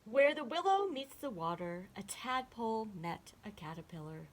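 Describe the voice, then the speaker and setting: A woman teacher reading picture books aloud to children in a slow, expressive storytelling voice. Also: on the high side.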